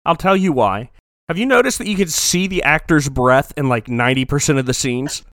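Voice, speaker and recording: A man's voice: a little high, lively intonation, brisk, a bit bright, no echo. Jokey man with a dry, close sound. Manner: jokey, acts out characters in silly voices, laughs often. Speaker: podcast co-host. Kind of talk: comedic recap chat.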